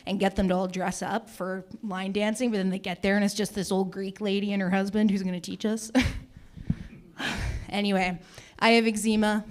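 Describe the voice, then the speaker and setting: A young woman from Canada doing a chatty, self-mocking stand-up set at an open mic, laughing at her own jokes. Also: medium pitch. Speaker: stand-up comedian.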